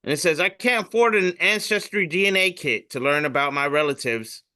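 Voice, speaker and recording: A man's voice: fairly high pitch, expressive, a little fast, bright, forceful tone. A man who does comedy, hosting a podcast and reading memes aloud in a loose, profane, jokey way. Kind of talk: casual comedic meme reading.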